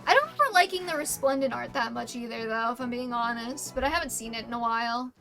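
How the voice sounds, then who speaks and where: A woman's voice: a little high, lively intonation, fast, pushed and bright, soft background music. A young woman streamer giving casual, crude and sarcastic gameplay commentary.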